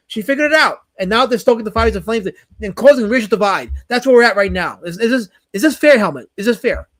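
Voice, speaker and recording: A man hosting a livestream in casual banter, ranting in mock outrage and answering the chat. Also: extremely high pitch. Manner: indignant, mock-outraged rants; fast, restless, talks back to chat. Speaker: livestream host.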